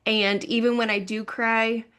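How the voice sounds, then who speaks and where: A woman's voice: on the high side, flat delivery, measured pace, fairly bright tone, clear, resonant tone. Woman coach talking openly on a podcast. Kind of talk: candid podcast conversation.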